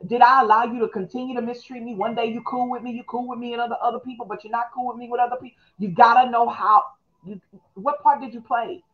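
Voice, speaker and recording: Fast-talking preaching woman, lo-fi audio. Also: a little high, fairly even intonation. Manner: fast, call-and-response, preacherly. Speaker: pastor. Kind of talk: live-streamed motivational teaching.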